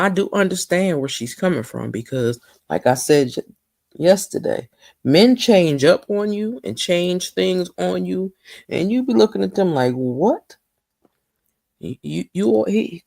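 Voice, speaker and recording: A woman giving a casual, gossipy recap of a TV episode, animated and talking straight to her viewers. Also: on the low side, creaky, dry recording, clean studio sound. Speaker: TV recap vlogger.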